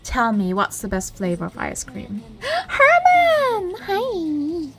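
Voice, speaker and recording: A woman VTuber streamer giving excitable, playful commentary while playing a dating game. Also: mid-range voice, moderate pace, creaky, music in the background. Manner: excitable, playful, gasps and laughs. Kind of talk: casual gaming commentary.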